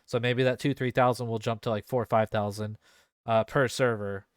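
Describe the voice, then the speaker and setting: A man chats loosely about an online game as a podcast host, full of fillers and restarts. His voice is smooth and clear. The sound is dry and close. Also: mid-range voice, fairly even intonation, normal speed, dry recording. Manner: rambling, heavy use of fillers and swearing. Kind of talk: casual gaming chat.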